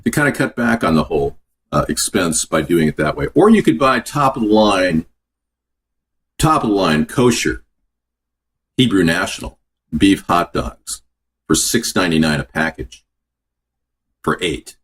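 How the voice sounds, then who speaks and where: A man with a lowish voice hosts a casual cooking stream from his home kitchen. His pitch swings widely as he chats, and he answers viewer comments along the way. A faint hiss sits under the sound. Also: big pitch swings, measured pace, long pauses, a bit bright. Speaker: cooking show host.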